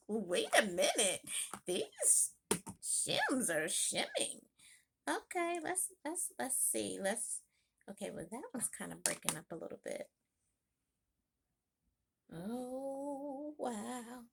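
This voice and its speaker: A woman chatting casually in a home makeup vlog, thinking aloud with quick exclamations. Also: mid-range voice, very animated, creaky, noisy background. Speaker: beauty vlogger. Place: home room.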